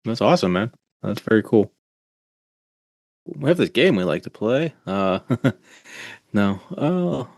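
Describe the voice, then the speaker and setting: Man, podcast host, casual interview, joking, rambling questions, slightly low voice, dry close sound. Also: big pitch swings, slow, long pauses, a little mellow, no room sound.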